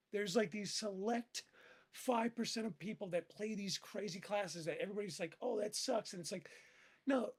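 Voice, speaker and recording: Streamer guy, high voice, rambly and sweary, lots of "like" and "dude". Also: husky. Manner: rambling, animated, heavy swearing and filler words. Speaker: gaming streamer. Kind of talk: casual profane gaming chat.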